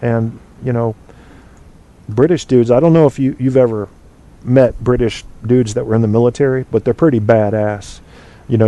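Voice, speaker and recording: A mellow, dark-voiced man rambles through his opinions as he hosts a casual call-in show. He fills the gaps with ums and restarts and keeps things loose and chatty. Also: medium pitch, moderate pace. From United States. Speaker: podcast host.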